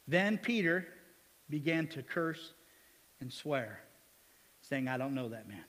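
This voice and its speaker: A man's voice: medium pitch, expressive, takes it slowly, long pauses, a bit bright, big-room sound. A male pastor preaching a sermon in a church. He talks in a joking, conversational way and keeps asking the congregation questions. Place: church sanctuary.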